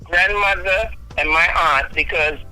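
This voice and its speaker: A woman's voice: fairly low pitch, unhurried, bright, forceful tone, low-quality recording. A woman in her fifties, a talk show guest earnestly telling a personal story from her childhood.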